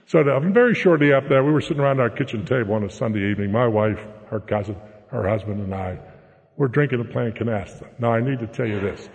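A man's voice: medium pitch, quick pace, darkish tone. A man telling a humorous personal recovery story in a folksy way, often tagging his lines with "okay?". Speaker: speaker sharing a recovery story. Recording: echoey hall.

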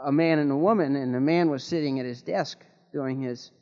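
At a recovery meeting in a hall with an audience, a man tells jokes and stories in a folksy, rambling way with many restarts. His voice is medium-pitched, a little mellow, and brisk. The recording is dull, with long hall reverb.

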